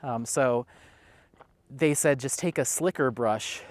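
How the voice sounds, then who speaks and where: A man's voice: mid-range voice, takes it slowly, dry recording. A man vlogging at an outdoor dog park, chatting casually in a rambling way. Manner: rambling, chatty, stops often to call his dog. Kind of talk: casual chat.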